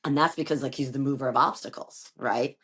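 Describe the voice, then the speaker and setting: A woman's voice: rumbling low, a little fast, slightly rough. A woman who owns a yoga studio, talking casually and animatedly, acting out quotes as she tells stories. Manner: animated storyteller, acts out quoted voices. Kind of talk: casual conversation.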